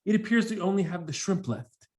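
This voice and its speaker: A prim female flight attendant who speaks with stiff, formal courtesy, as a male speaker imitates her in a story. Her voice rides high above his usual pitch, with a tidy, service-counter politeness. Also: a little fast. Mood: courteous.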